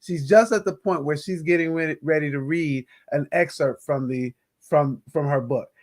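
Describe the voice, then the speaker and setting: Guy critic on a podcast, kinda high voice, stumbles a bit then lands his point hard. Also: moderate pace. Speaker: film critic. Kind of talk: casual podcast roundtable chat.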